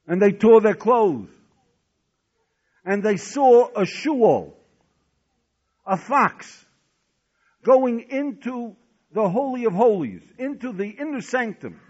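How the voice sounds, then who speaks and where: High-voiced man preaching, dull recording. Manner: dramatic storytelling with rhetorical questions. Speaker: rabbi teaching a Talmud lesson. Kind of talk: sermon.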